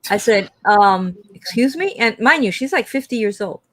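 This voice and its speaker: Animated woman telling a story. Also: normal speed, no room sound. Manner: animated, acts out quotes with big pitch jumps. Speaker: livestream co-host. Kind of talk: casual storytelling chat.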